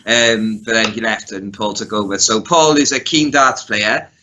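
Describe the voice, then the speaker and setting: A man's voice: on the low side, steady tone, moderate pace, noisy background. A man co-hosting a casual chat, talking loosely and laughing often. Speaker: co-host.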